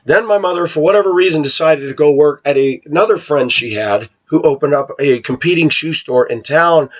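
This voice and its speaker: A man recounting a childhood story in a casual monologue, animated and acting out the voices of others. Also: a little high, fairly quick. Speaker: vlogger. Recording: dull lo-fi home recording.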